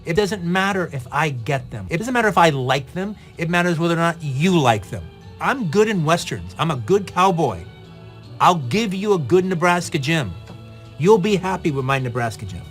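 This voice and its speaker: A man doing a cocky cowboy actor, earnest, insistent, somewhat raised and louder. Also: fairly high pitch, lively intonation, brisk, soft background music, voice pushed up. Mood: pleading, insistent.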